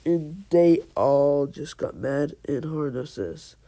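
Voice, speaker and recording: Slow, rambling man retelling a story. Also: on the high side, dark tone. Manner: rambling, hesitant, strings events with "and so then". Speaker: fan storyteller. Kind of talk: casual retelling of a fan story.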